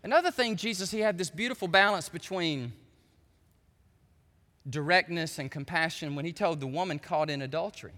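A man preaching a sermon as pastor, folksy and animated, swinging from hushed asides to shouting. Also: on the high side, moderate pace, big-room sound.

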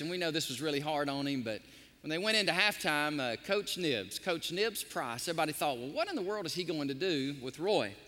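A man pastor preaching a sermon, telling stories in an animated, emotional way. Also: fairly high pitch, in a large hall. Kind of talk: sermon with storytelling. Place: church sanctuary.

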